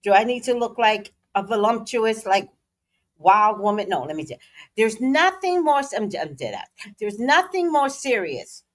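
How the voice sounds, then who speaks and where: A woman's voice: on the high side, very animated, moderate pace. A middle-aged woman hosting a casual livestream, playful and dramatic with slangy asides. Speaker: psychic livestream host.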